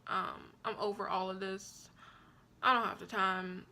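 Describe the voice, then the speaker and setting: A young woman with a bright, forceful voice recounts a personal story into her camera. She is animated and expressive, blunt and profane, in a casual storytime vlog. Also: medium pitch, unhurried. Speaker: vlogger.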